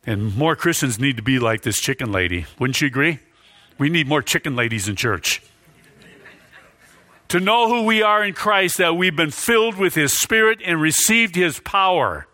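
Preacher man going hard on a sermon, bright forceful tone, repeats himself for punch, dry close sound. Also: fairly high pitch, expressive, moderate pace, no room sound. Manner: emphatic, repeats lines for stress, rises to near shouts.

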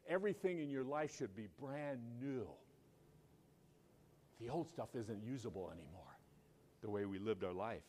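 A man preaching a sermon to his church, telling stories in a conversational way and rising to loud, emphatic peaks. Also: medium pitch, normal speed. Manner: conversational storytelling, asks the congregation questions. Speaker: pastor.

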